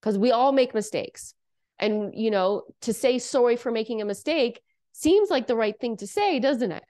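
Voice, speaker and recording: A woman from Canada speaks straight to her listeners in a casual self-help monologue. Her voice sits a little high, and she talks earnestly, coaching them and checking in with "okay?" and "right?". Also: animated, normal speed, mellow.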